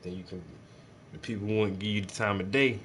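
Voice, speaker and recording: A man's voice: lowish voice, steady tone, a little fast, a bit bright, slight background noise. A man, chatting casually and profanely while he paints, joking and rambling to his viewers. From South Carolina.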